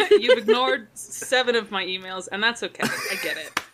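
A woman co-hosting a casual podcast chat, animated and laughing often. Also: on the high side, unhurried, noisy background. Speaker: podcast co-host.

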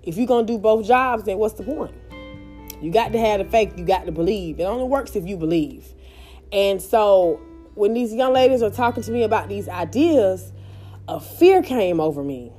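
A woman's voice: mid-range voice, animated, normal speed, mellow, faint music behind. A woman podcast host giving a motivational monologue, emphatic and blunt, swearing freely and repeating her points.

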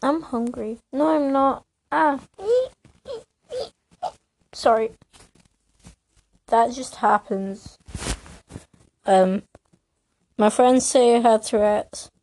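A woman's voice: fairly high pitch, fairly even intonation, slow pace, pauses often, a little mellow. A young woman rambling in a casual vlog, hyper and scattered, full of fillers and restarts, a little out of breath, sitting on her bed. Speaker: vlogger. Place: bedroom, sitting on a creaky bed. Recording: noisy home recording.

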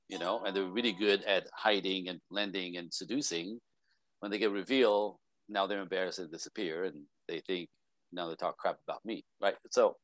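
A very low-voiced man talks on a video call, passionate and rambling, often sighing and restarting his sentences. The sound is close and dry. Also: no echo. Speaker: podcast guest. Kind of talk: casual advice talk.

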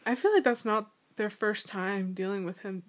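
A young woman in a casual chat, animated and giggly, acting out the people in her stories. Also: mid-range voice, moderate pace. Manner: giggly, animated storyteller who acts out quotes.

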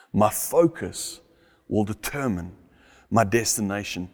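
A man's voice: medium pitch, in a large hall. A middle-aged man delivering a sermon, earnest and fond of repeating his key phrases for emphasis. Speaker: pastor.

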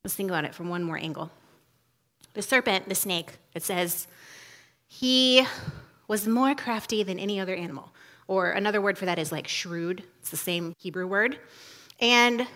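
A woman's voice: mid-range voice, bright, forceful tone. A woman giving a casual, humorous teaching talk, chatty and full of asides, laughing often.

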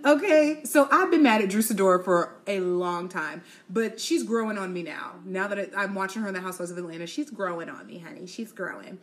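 A young adult woman hosting a casual solo podcast, gossiping in an animated way, laughing often and calling her listeners y'all, sis and honey. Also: mid-range voice, a little fast, hardly any pauses. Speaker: podcast host.

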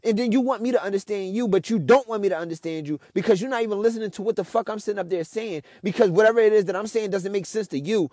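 A man's voice: sits high, fast, hardly any pauses, darkish tone, dry recording, studio quality. A young man, ranting with frustration and heavy cursing in a casual monologue as a podcast host.

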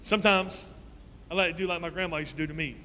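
Male pastor, animated sermon, swings loud to soft, bright forceful voice, long church reverb. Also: a little high, fast, a little hiss or hum. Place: church sanctuary. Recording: long reverb in a large hall.

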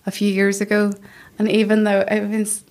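A young woman from Northern Ireland with a Northern Irish accent, speaking softly and shyly as a guest in a casual interview, laughing often. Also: medium pitch, monotone, normal speed. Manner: soft-spoken, shy, laughs often. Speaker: guest puppet-maker.

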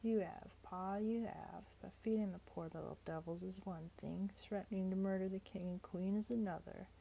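A woman's voice: medium pitch, steady tone, normal speed, gravelly, dark tone, slight background noise, natural voice. A woman reading aloud, voicing a wheezy, bossy older working-class London mother. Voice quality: wheezing, heavy breathing. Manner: bossy, self-righteous.

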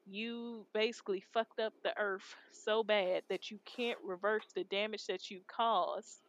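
A woman's voice: medium pitch, steady tone, unhurried, muffled recording. A woman from Texas co-hosting a podcast, chatting casually and rambling in slangy speech. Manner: rambling, slangy, laid-back. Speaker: podcast co-host. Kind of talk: casual chat.

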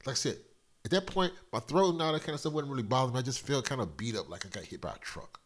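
A middle-aged man hosting a casual solo podcast, loose and profane, slightly congested from a cold, swinging between loud and quiet. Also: medium pitch, lively intonation, quick pace. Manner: loose, profane, rambling storyteller with big swings in loudness. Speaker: podcast host.

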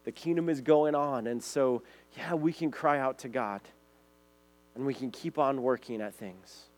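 A man's voice: mid-range voice, measured pace. A man preaching a sermon as pastor, earnest, reading scripture aloud to his congregation.

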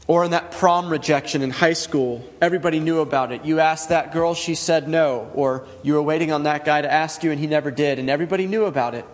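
A man in his thirties preaches a sermon in an earnest, conversational manner, building his points through repetition. His voice sits a little high for a man. A long reverb from the church hall trails behind every phrase. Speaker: pastor.

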